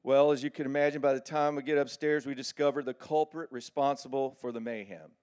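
A middle-aged man preaching a sermon with animated, folksy storytelling. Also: mid-range voice, brisk.

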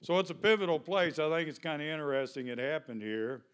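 A man's voice: on the high side, lively intonation, a little fast, a bit bright, clean tone. A male pastor, preaching a sermon in a conversational way, full of questions to the congregation.

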